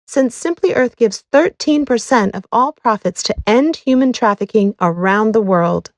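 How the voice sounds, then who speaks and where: A woman reading a scripted sponsor ad with an upbeat, even sales delivery. Her voice sits fairly high and is recorded dry and close. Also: no room sound. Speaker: ad reader. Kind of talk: scripted ad read.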